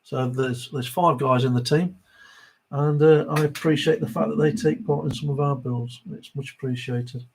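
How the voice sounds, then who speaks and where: A middle-aged man from the English Midlands, with an East Midlands accent, hosts a diecast model livestream in a friendly, matey manner. His voice is a little high and steady at a normal speed, with slight background noise. He reads out viewer comments and chuckles in between.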